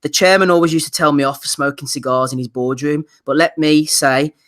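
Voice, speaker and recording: A man's voice: a little high, fairly even intonation, brisk, fairly bright tone. A British man co-hosting a casual boxing podcast, reading out listener nominations and laughing readily. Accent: British English. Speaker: podcast co-host.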